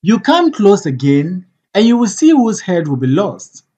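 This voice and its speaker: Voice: medium pitch, very animated, unhurried, warm tone, muffled recording. A reader voicing a proud, hot-tempered king who demands the truth, in a commanding, indignant way, in a play read aloud. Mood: angry. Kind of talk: audiobook play reading.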